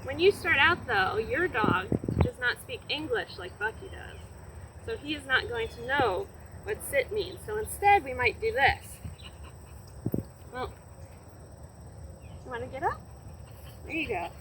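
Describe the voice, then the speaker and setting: A woman's voice: big pitch swings, unhurried. A woman hosting a library lesson, casually explaining dog training step by step outdoors on grass and praising the dog as she goes. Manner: explains steps while training a dog, breaking into high praise for it. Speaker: library program host. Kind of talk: casual instructional demo. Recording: noisy outdoor recording.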